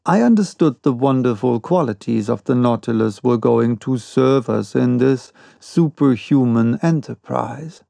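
A man reading an unabridged classic novel aloud chapter by chapter, in a slow, measured manner. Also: mid-range voice, lively intonation, creaky, dark tone, no echo. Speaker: audiobook reader. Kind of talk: unabridged audiobook narration.

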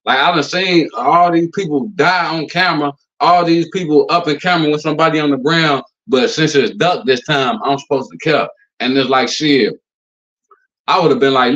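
A man's voice: normal speed, a bit bright. Dude ranting on his commentary channel, cussing a lot, lots of like and you know, bit of a muffled lo-fi sound. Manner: blunt, loose and profane, lots of fillers; acts out quotes in a higher voice. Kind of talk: casual commentary rant. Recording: slightly dull lo-fi recording.

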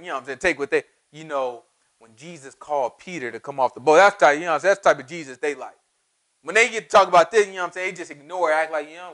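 A man with a high-pitched voice teaching scripture with fire. He talks in loose slang, driving his points home by repeating them again and again. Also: bright, forceful tone. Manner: preachy, repetitive, street-casual slang. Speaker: Bible teacher. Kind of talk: fiery sermon.

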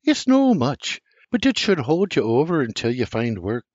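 An older man reading an audiobook voices a firm, decisive old grandmother in a high, strained voice. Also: wildly swooping pitch, normal speed, darkish tone, dry recording. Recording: dry, slightly muffled recording.

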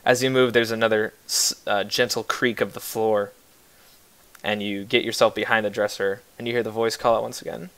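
A man's voice: on the low side, flat delivery, a little fast, fairly bright tone, smooth. Laid-back guy game-mastering, jokey, keeps restarting sentences. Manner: casual, joking, with many restarts. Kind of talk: narrating a tabletop game.

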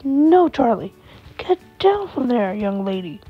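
A woman voicing a gentle but firm young father who coaxes and scolds his little daughter. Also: medium pitch, unhurried, husky, phone-quality sound, soft background music. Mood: scolding. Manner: coaxing, scolding when needed.

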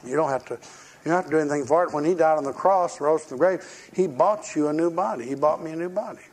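An older male preacher tells his sermon like a story, folksy and plain-spoken. His voice is husky and slightly raised in pitch. He slips into the voices of the people he talks about. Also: quick pace, darkish tone.

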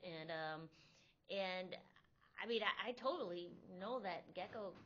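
A woman's voice: measured pace, fairly bright tone. Rambling wry woman comedian. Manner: rambling, self-interrupting, wry. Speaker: comedian panelist. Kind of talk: casual panel chat. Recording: dull lo-fi audio with faint rumble.

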